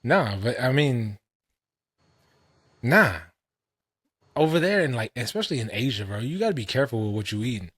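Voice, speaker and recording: A man co-hosting a casual podcast, telling stories in animated, profane slang. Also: mid-range voice, normal speed, pauses often. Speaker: podcast co-host. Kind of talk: casual chat.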